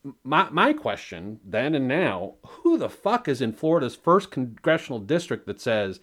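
A man talks alone into his podcast mic, rambling from thought to thought and swearing as he goes. His pitch sits in the middle but jumps up and down constantly, with a lively, animated delivery full of self-mocking asides. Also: a little slow. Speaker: podcast host. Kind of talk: solo podcast monologue.

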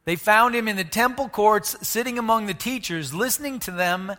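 A man preaching a sermon, animated, asking the congregation questions and moving between loud and hushed delivery. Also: high voice, moderate pace, long reverb tail. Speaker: pastor.

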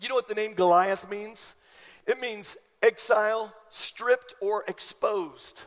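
A pastor delivers an animated sermon in a notably high voice. He drives his points home with emphatic, rising bursts. The recording carries the long reverb of a large church sanctuary. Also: slow pace.

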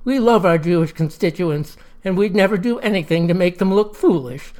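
A woman's voice: lowish voice, animated, normal speed, warm tone, natural voice. A woman voicing a tall, cheerful man who talks in a folksy, hearty way.

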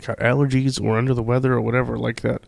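Gravelly-voiced man, a bit under the weather. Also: mid-range voice, little pitch movement, fast, a little mellow, dry recording. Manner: easygoing, lots of fillers. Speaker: podcast co-host. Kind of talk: casual chat.

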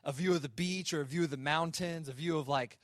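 A young man giving a sermon to a student worship gathering, telling a personal story in a relaxed, conversational way with self-mocking humor and plenty of fillers. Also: a little high, quick pace, no room sound, clean studio sound. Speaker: speaker at a student worship service. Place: live worship service.

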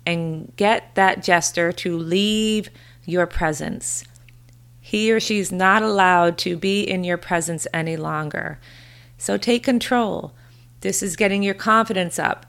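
A woman who hosts a podcast and works as a confidence coach delivers an earnest, encouraging motivational talk, repeating phrases for emphasis. Her voice is medium-pitched and a bit bright.

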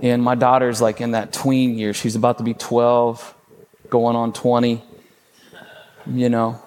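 A man, a father in his thirties or forties, preaching a sermon as a pastor in a relaxed storytelling way, often checking in with "right?". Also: medium pitch, unhurried, a little hiss or hum. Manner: conversational, storytelling with frequent "right?".

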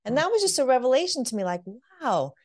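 A woman working as a divorce coach, speaking candidly in an interview and telling her story with lively acted quotes. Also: high-pitched, quick pace. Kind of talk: interview conversation.

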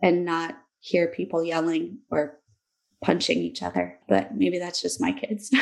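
Woman in her 30s, talks slow and thoughtful, a bit of vocal fry, interview guest. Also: lowish voice. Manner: slow, reflective, emotional. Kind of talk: candid interview talk.

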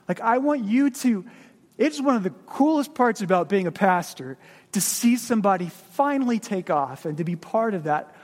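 Male pastor, high voice, earnest exhorting sermon, long church-hall reverb. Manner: earnest and exhorting, with slowed emphatic phrases. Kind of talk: sermon storytelling.

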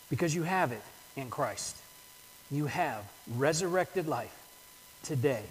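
Older male pastor, earnest sermon delivery, slightly high voice, long church reverb. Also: animated, unhurried, slight background noise. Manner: earnest, repeats words while building a point.

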